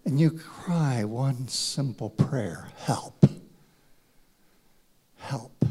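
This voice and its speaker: A man preaching a sermon, acting out dialogue in a dramatic voice that drops to a hush and rises to a shout. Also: on the high side, big pitch swings, slow pace, husky. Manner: dramatic, acts out voices, swings from hushed to shouting. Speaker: pastor.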